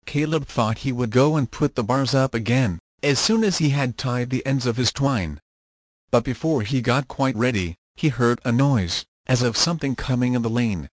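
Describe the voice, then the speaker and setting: In a steady, measured reading, a narrator voices an old-fashioned children's story for an audiobook. His mid-pitched voice is ordinary in tone, and the recording is dry and close, with no room sound.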